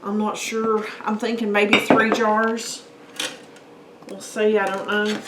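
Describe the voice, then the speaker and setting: A woman's voice: mid-range voice, level tone, slow, heavy background noise. Chatty woman cooking in an echoey kitchen. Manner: chatty, talks to viewers as guys and folks. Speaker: home cooking channel host. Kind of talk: casual cooking demonstration. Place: home kitchen. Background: clinking dishes and utensils.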